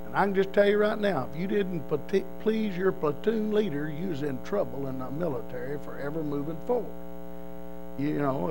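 A man's voice: high-pitched, rough recording. A man from Texas with a Texan accent, telling a personal story in a rambling way with frequent restarts. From Texas, USA.

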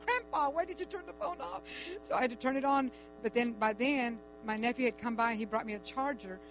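Older woman, animated storytelling, chatty restarts, faint music and hum behind. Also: a little high, poor audio. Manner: animated, chatty, with frequent restarts and quoted dialogue. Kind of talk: casual personal storytelling.

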